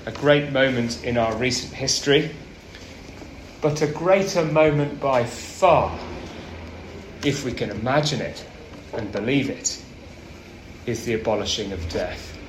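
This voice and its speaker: A man preaching a sermon, earnest and storytelling, often dropping his voice low and soft for emphasis. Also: a little slow, long pauses, background noise. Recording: roomy with faint ambience.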